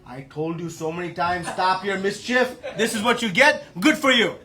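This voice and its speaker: A man voicing a boastful, mighty elder brother in a loud, blustering, scolding voice. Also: high-pitched, moderate pace.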